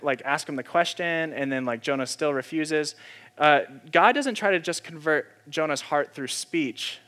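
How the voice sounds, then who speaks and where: A man's voice: on the high side, fairly bright tone. A man, a pastor, giving a conversational sermon, talking casually with lots of fillers and then breaking into sudden emphatic bursts.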